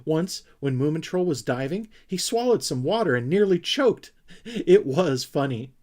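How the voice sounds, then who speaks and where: A man's voice: fairly high pitch, animated, a little slow, a little mellow, pitched above the performer's own voice. A man voicing a small, blunt and teasing boy creature in a storybook reading. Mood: cheeky.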